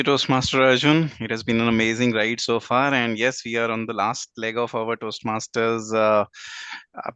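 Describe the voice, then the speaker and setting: A man's voice: medium pitch, fairly bright tone, smooth, dry recording. A man hosting an online club meeting, upbeat and formal as he introduces the next segment. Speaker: meeting host.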